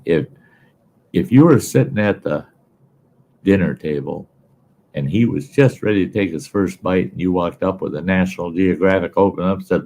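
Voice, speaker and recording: A man telling a folksy story in casual, animated style as a show host. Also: low voice, normal speed, vocal fry. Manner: folksy, animated yarn-spinning.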